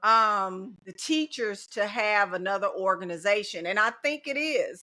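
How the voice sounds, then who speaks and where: Emphatic bright-voiced woman. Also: mid-range voice, expressive, unhurried. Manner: emphatic, repeats key phrases. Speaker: teacher and guest. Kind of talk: casual podcast conversation.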